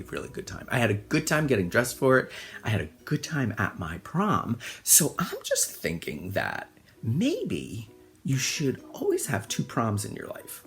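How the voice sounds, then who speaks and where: A middle-aged American man hosts a personal storytelling monologue, rambling and self-mocking, leaning on fillers as he goes. His voice sits at an ordinary male pitch but swings wildly up and down with animation. Soft music plays faintly behind him. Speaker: host.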